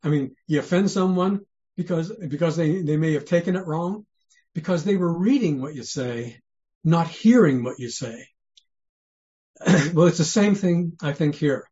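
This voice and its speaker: A man's voice: on the high side, a little slow, mellow. Earnest preacher man, muffled lo-fi sound. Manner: earnest, conversational preaching with frequent restarts and rhetorical questions. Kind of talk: sermon. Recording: dull lo-fi sermon recording.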